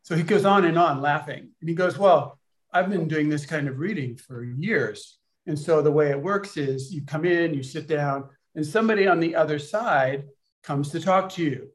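Rambling man telling a story. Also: on the high side. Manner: rambling, halting with many restarts. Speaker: storyteller at a gathering. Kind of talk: casual personal storytelling.

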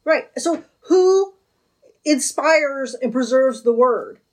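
Earnest high-voiced woman discussing faith. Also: lively intonation, takes it slowly. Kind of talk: casual religious discussion.

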